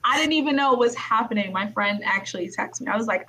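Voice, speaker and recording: A woman's voice: mid-range voice, fast, few pauses, bright, forceful tone, husky, low-quality recording. A woman from Brooklyn, New York, hosting a casual interview, talking in a chatty way with lots of "you know" and repeated words.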